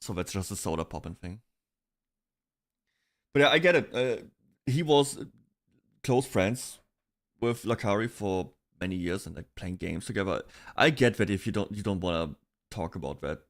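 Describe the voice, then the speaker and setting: A man's voice: fairly low pitch, expressive, moderate pace, long pauses. A man streaming, chatting casually about online drama in a rambling way, with restarts and bursts of laughter.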